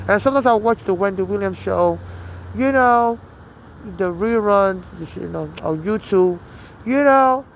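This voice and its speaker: A man with a Nigerian accent telling a long story in an agitated, rambling way, full of restarts and "you know". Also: high-pitched. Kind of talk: casual storytelling monologue. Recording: dull lo-fi outdoor recording with traffic.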